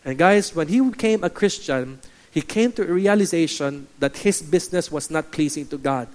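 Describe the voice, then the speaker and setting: A Filipino-accented pastor preaches in a notably high voice for a man. He speaks emphatically and builds his points by repeating phrases as he exhorts the congregation. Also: lively intonation, normal speed, a little mellow. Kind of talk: sermon.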